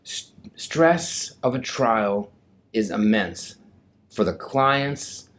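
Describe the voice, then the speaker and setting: A man's voice: lowish voice, expressive, extremely slow. A male lawyer explaining mediation to clients in a conversational, plain-spoken way. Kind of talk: explaining legal process.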